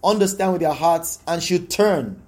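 A man's voice: on the high side, moderate pace, a little mellow. A man preaching a sermon as pastor, emphatic and repetitive, his voice rising into exclamations.

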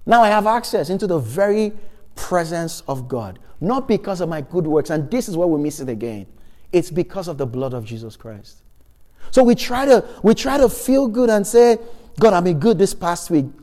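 A man's voice: sits high, darkish tone, big-room sound. A man preaching a sermon, reading Bible verses and asking the congregation questions with emphasis.

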